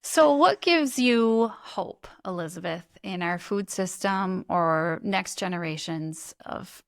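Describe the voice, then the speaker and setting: Slow, encouraging woman interviewer, dry sound. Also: on the low side, vocal fry, no room sound. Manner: warmly encouraging, short affirmations. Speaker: interviewer, podcast host. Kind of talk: casual interview.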